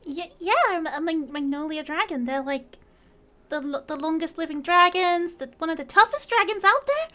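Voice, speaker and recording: A woman putting on a very high, bright voice for a fussy little cafe owner of the fey wilds. She stammers and repeats herself, nervous and defensive. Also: lively intonation, normal speed, exaggerated voice. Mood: worried. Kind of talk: tabletop role-play voice.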